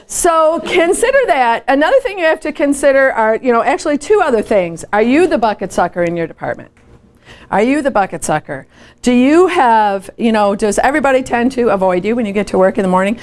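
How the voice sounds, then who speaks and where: A woman giving a lively motivational workshop talk, telling stories with rhetorical questions. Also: fairly high pitch, brisk. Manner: animated storytelling, frequent rhetorical questions. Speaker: workshop speaker. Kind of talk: live motivational training talk.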